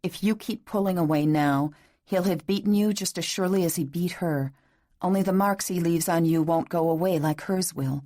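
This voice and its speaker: A woman doing a hushed, tender young husband. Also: on the low side, normal speed, lightly acted. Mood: pleading. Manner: hushed, whispering. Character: tender, insistent young husband speaking low.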